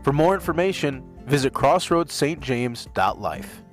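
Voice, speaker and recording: A man's voice: mid-range voice, animated, unhurried. Man, podcast intro announcer, formal scripted read, faint guitar music underneath. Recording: soft guitar music behind.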